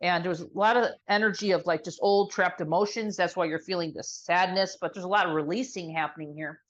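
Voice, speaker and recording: A woman sound healer guiding an energy healing session, talking slowly and soothingly. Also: lowish voice, fairly even intonation, lo-fi sound.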